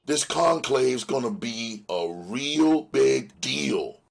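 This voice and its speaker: A man's voice: mid-range voice, animated, extremely slow, gravelly, pitched above the performer's own voice, full character voice. A man reading a young gang leader who brushes off his girlfriend, curt and dismissive.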